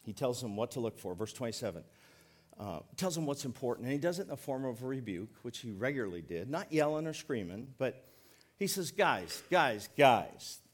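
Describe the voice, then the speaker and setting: Middle-aged male pastor, folksy sermon delivery, mid-pitched, slows down to stress key points. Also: expressive, a little mellow. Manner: folksy, joking, emphatic preaching with slowed stresses.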